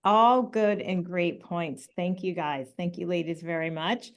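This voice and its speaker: A woman hosts a relaxed online webinar from her home, speaking over a video call. She talks in an easygoing, chatty way, with plenty of "um" and "you know," pausing to read out audience questions. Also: on the low side. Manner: friendly, filler-heavy, stops to read questions. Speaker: webinar host. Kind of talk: casual online webinar talk.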